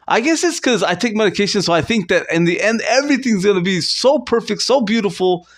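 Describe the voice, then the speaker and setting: Talking a little fast and expressively, a comedy vlogger riffs in an off-the-cuff monologue that pokes fun at himself. He rambles with fillers and false starts, and sometimes suddenly fake-sobs in a squeaky voice. The microphone is close to the camera.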